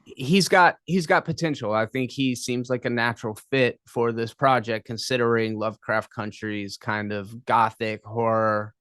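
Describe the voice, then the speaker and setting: A man co-hosting a casual podcast, giving measured, analytical opinions. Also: medium pitch, steady tone, a bit bright, clear, resonant tone, no room sound, studio quality. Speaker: podcast co-host.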